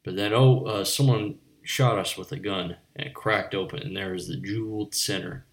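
A man's voice: on the low side, fairly even intonation, normal speed. A man delivering a rambling, absurdist comic monologue to the camera, wandering between mock-philosophical musings and stammering restarts. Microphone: on camera, speaking to viewers.

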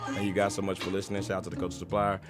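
Man, podcast host, quick, laid-back, joking, music bed behind. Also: sits low, monotone. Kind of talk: casual chat.

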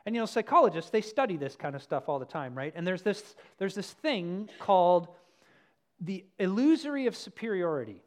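Pastor, sermon, animated storyteller, mid pitch, loud and soft swings. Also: moderate pace.

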